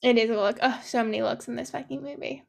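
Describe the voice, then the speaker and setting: Woman co-host, casual movie recap, high voice with vocal fry, swears and acts out scenes. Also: fairly even intonation, fast talker. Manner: chatty, swears freely, acts out lines with laughter.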